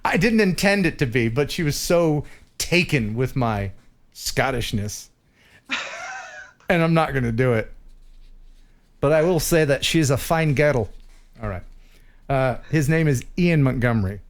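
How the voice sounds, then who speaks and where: A man hosting a casual livestream chat, animated and quick to chuckle while he tells stories. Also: mid-range voice, a little hiss or hum. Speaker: livestream host. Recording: faint music behind.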